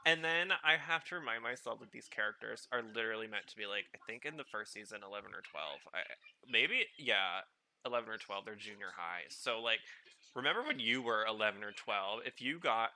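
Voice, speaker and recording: Podcast host, male, very bright and sharp tone, chatty filler-heavy watch-along commentary. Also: fairly low pitch, moderate pace. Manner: rambling, filler-heavy, excitable reactions.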